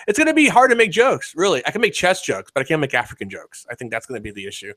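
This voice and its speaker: A man's voice: a little high, sing-song, fast, a bit bright, dry recording. A man hosting a casual podcast chat, rambling and profane, laughing often as he talks. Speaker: podcast host.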